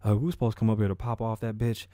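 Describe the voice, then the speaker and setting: A man's voice: fairly low pitch, level tone, very fast, dark tone, no echo, clean studio sound, voice pushed down, lightly acted. A man voicing a panicked young man who keeps calling an emergency line, stammering and pleading for help.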